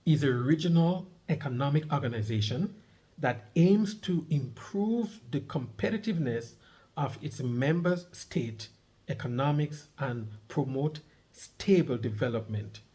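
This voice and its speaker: A man's voice: on the high side, expressive, measured pace, mellow. A middle-aged man vlogging, reading a news article aloud and breaking off to comment, repeating key points with emphasis. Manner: emphatic, repeats key points, asks listeners to underline words.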